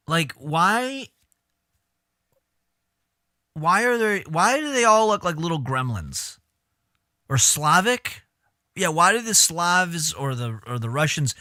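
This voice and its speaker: A man's voice: a little high, pushed and bright, no room sound, clean studio sound. A man streaming live, riffing on clips in casual, profane, exasperated commentary.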